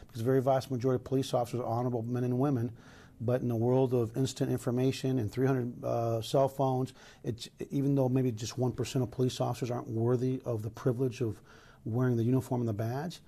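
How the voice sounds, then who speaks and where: A man's voice: medium pitch, vocal fry, warm tone, husky. A middle-aged man from Los Angeles, a police chief answering news interview questions in an earnest, emphatic way with many restarts.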